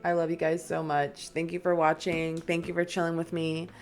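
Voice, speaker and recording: With a low voice and completely flat delivery at a moderate pace, a young woman chats casually on a horror-game live stream through her desk microphone, faint music behind her. She's nervous and often lowers her voice to frightened whispers.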